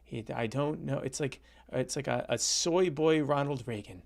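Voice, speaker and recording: A male podcast co-host trading sarcastic banter in casual conversation. His voice has a gravelly fry at an average pitch. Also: moderate pace.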